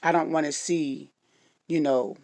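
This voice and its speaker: A middle-aged woman with a gravelly morning voice, giving frank relationship advice to her viewers and sometimes tripping over her words. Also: sits low, fairly even intonation, measured pace, a little mellow, dry recording. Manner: stumbles over words now and then; frank and direct. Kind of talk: casual advice talk to viewers.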